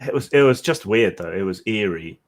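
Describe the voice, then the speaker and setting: A man's voice: lowish voice, animated, a little fast. Dry, understated man on a panel. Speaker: podcast panelist. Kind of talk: casual chat.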